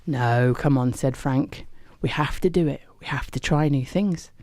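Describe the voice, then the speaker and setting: A woman's voice: a bass voice, a little slow, darkish tone, no room sound. A woman voicing an encouraging male friend who hiccups and teases. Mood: coaxing. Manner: coaxing, cheerful, teasing.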